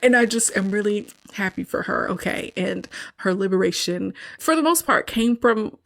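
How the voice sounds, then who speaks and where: A woman's voice: medium pitch, expressive, moderate pace, creaky. Chatty woman recapping a film. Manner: chatty, laughs often, addresses listeners as y'all. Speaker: podcast host. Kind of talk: casual film review recap.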